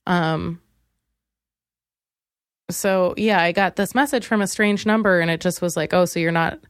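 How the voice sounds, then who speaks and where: A woman's voice: on the low side, measured pace, smooth, dry recording, studio quality. Rambling, profane woman podcast host. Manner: rambling, candid, profane, many fillers and restarts. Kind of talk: comedic storytelling monologue.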